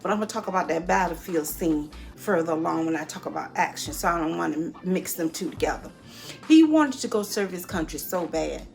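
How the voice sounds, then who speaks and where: A woman giving a casual spoken movie review at home, chatty and expressive, calling her viewers honey and y'all. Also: fairly low pitch, brisk, vocal fry, soft background music. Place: at home near her dishes.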